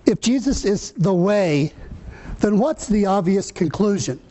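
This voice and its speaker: High, mellow-voiced male preacher. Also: animated. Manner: earnest, slow scripture reading, fillers and restarts. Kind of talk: sermon.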